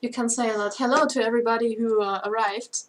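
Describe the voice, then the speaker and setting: A woman's voice: a little high, fairly even intonation, fairly quick. Chatty German-accented woman. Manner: chatty, laughs often, many fillers. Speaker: band member co-hosting a livestream. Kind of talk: casual livestream chat.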